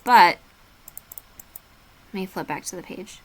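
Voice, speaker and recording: A woman's voice: lowish voice, takes it slowly. Patient woman teacher spelling words aloud. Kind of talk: remote classroom lesson.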